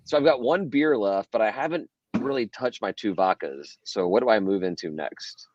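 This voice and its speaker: A man's voice: lowish voice, animated, normal speed, darkish tone, no room sound. A man co-hosting a casual livestream podcast, joking and laughing often, with frequent restarts. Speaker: podcast co-host. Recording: slightly dull lo-fi sound.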